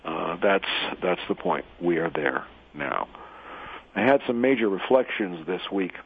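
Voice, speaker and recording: A man telling a parable and then speaking his mind, halting, often repeating words and using fillers. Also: low-pitched, slightly rough. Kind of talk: monologue commentary with a parable. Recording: tinny phone-like radio sound.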